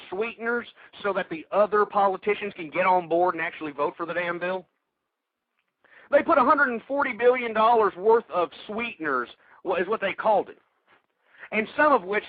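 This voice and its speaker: Angry high-voiced man ranting on radio. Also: no room sound. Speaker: radio talk show host. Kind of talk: political talk radio rant. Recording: tinny phone-like radio audio.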